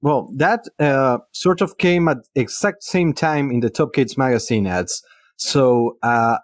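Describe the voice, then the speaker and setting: A man in casual chat, lively and laughing often. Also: mid-range voice, no echo, clean studio sound.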